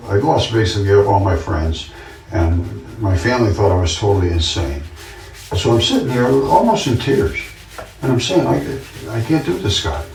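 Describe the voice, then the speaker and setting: A man with a fairly low voice speaks earnestly and insistently, circling back over the same words as he tells his story. He sits some way off from the microphone. The room around him rings and echoes. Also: sing-song, normal speed, a little mellow. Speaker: vlogger. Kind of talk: casual monologue. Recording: roomy, distant from the mic.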